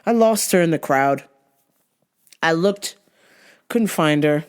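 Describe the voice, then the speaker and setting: Animated, profane woman telling a story. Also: low voice, slow, clear, resonant tone. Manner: animated, profane, acts out the people she quotes. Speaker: vlogger. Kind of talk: comic personal storytelling.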